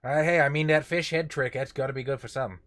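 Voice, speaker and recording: A man's voice: mid-range voice, fairly even intonation, fast talker, a bit bright. A man playing a tabletop game, bantering wryly in character. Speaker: player.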